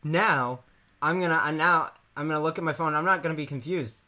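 A man's voice: fairly high pitch, a little fast, pushed and bright. A man in casual comedic chat with a friend, laughing often and acting out imagined conversations.

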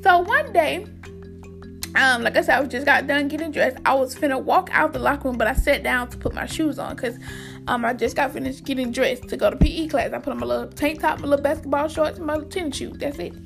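A woman's voice: sits high, quick pace, gravelly, fairly bright tone, faint music behind. A young woman chattily telling viewers a school story, calling them y'all and using lots of slang. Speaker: vlogger. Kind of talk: casual storytime.

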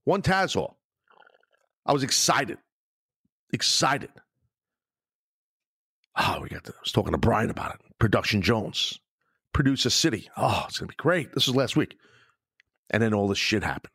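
A man's voice: on the low side, sing-song, moderate pace, vocal fry, long pauses, a bit bright, breathy edge, no room sound, studio quality. A man hosting his own podcast alone, ranting with heavy swearing and sarcasm. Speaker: podcast host. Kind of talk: solo podcast rant.

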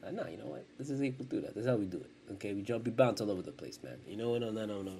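A man in his forties with a somewhat low voice, talking loosely on a podcast. He rambles from thought to thought, swears freely and restarts his sentences. Behind him there is a faint hiss of noise. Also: lively intonation, rapid-fire, creaky, mellow. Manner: profane, rambling, self-interrupting. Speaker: podcast host. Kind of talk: casual rambling chat.

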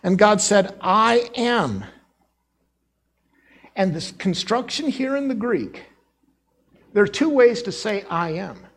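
A middle-aged male pastor preaching with a high, husky voice. His pitch swings widely as he acts out quoted dialogue. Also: lively intonation, slow pace, pauses often. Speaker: former associate pastor. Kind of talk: sermon.

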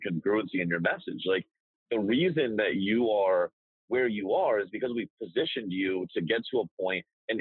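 A man with a low, husky voice coaching on a podcast, blunt and profane. His voice comes through tinny and narrow, like over a phone line, in a dry space. He tells stories with animated energy. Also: no room sound. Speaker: business coach. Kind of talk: casual podcast chat.

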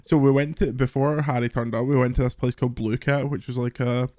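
A man's voice: mid-range voice, steady tone, fairly quick, a little mellow, dry recording. Guy on a podcast, dry jokes, lots of swearing, mid voice, dry close sound. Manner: dry joking, swears while telling stories. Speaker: podcast co-host. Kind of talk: casual chat.

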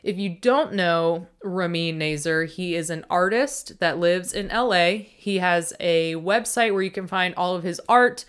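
Smooth-voiced chatty woman podcast host. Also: fairly low pitch, measured pace, hardly any pauses, a bit bright. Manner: chatty, self-deprecating, playful. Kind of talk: casual podcast intro monologue.

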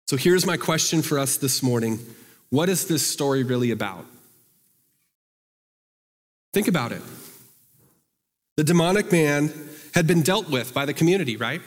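A man delivers a sermon in an easy, conversational way, reading scripture and putting questions to his listeners. His voice sits a little high for a man. The sound carries a long, echoing reverb from a large hall. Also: animated, normal speed, pauses often. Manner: conversational, asks the congregation questions. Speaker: pastor.

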